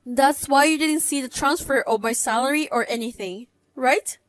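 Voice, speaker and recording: A woman's voice: high voice, normal speed, no room sound. A woman in her thirties narrating her own story in a cold, cutting, matter-of-fact way. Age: 30s. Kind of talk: first-person story narration.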